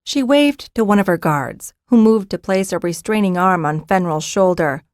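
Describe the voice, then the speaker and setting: Audiobook narrator, female, measured and even, dry studio read. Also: medium pitch, no echo. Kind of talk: scripted narration.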